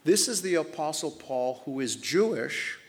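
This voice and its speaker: A man preaching a sermon in a conversational storytelling manner, slowing down for emphasis. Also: fairly high pitch, expressive. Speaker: pastor. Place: church sanctuary. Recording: reverberant hall.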